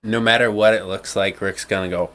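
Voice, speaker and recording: A man playing a tabletop game, describing his character's moves in a relaxed, chuckling way. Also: on the low side, fairly quick, smooth. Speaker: player. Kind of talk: casual game play.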